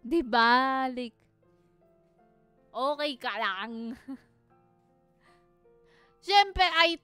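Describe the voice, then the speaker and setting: A woman's voice: sits high, animated, drawn-out words, sharp tone, clear, resonant tone, no echo, soft background music. A young Filipino woman hosting a podcast, venting candidly and swearing often as she switches between Tagalog and English. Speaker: podcast host. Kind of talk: candid personal monologue.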